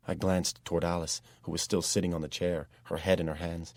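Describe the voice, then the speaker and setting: A man reading a dark fantasy audiobook in steady, measured first-person narration, recorded on a close microphone. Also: low-pitched, dry recording.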